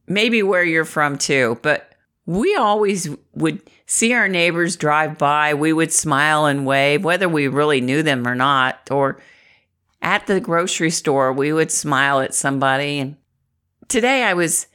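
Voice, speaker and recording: A woman's voice: sits low, unhurried, fairly bright tone, clean tone. A middle-aged woman from the Midwest, talking to camera in a chatty, encouraging way and laughing often. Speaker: inspirational vlogger. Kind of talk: upbeat motivational talk to camera.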